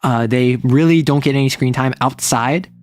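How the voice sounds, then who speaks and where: A woman's voice: extremely low pitch, normal speed, a little mellow, no room sound, studio quality. A woman streamer chatting casually about romance stories, rambling with lots of fillers and briefly acting out quoted lines.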